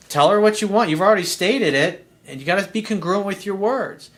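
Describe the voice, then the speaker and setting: A man's voice: high voice, a little fast, few pauses. A man, a dating coach, answering listener emails with blunt, conversational advice, slang and swearing.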